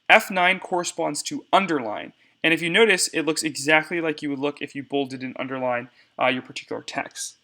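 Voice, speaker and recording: Bright-voiced young man explaining software. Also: fairly high pitch. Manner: casual explanatory, addresses viewers as y'all. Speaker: debate tutorial instructor. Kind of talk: software screencast tutorial.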